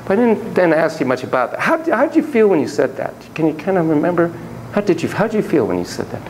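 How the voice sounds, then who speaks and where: A man's voice: on the high side, sing-song, quick pace, a little mellow, slight background noise, poor audio. A man giving a classroom lecture on child therapy, acting out quotes in shifting voices.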